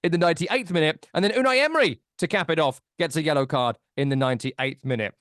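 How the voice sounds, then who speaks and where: Casting: wry male podcast co-host, slightly high pitch, dry close-mic sound. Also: fast talker, a bit bright, no echo. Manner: dry, wry storytelling, listing events. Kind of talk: casual football chat.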